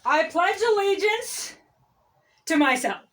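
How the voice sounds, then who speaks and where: A woman's voice: very high voice, lively intonation, fairly bright tone, voice pushed up, full character voice. Woman doing a smug pompous male mayor. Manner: mocking, pompous, drawn-out declarations. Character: smug self-important male town mayor. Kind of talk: comedic impression.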